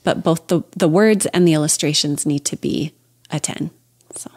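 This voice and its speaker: A young adult woman talking as a podcast guest in a casual interview, chatty and animated, often laughing as she talks. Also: low voice, moderate pace. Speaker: podcast guest, children's book writer.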